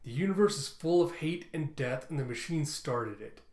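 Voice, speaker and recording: A man's voice: fairly high pitch, expressive, normal speed, darkish tone, roomy sound, close to an everyday voice. A man voicing a bitter, curt young male robot scrapper in a comic readthrough.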